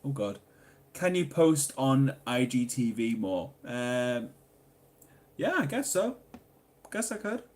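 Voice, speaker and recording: A man's voice: medium pitch, slow, pauses often. A young man from Newcastle with a Geordie accent, hosting a casual livestream Q&A, reading out chat and joking. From Newcastle upon Tyne, England. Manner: chatty, jokey, reads chat aloud, bursts into loud excited exclamations. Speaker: YouTuber answering livestream questions.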